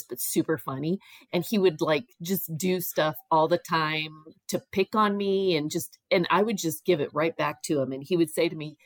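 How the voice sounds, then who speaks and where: A woman's voice: sits low, dry recording. A middle-aged woman casually telling a long personal story, acting out the people she quotes. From Ohio. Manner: animated, acts out quoted voices. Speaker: guest telling her story.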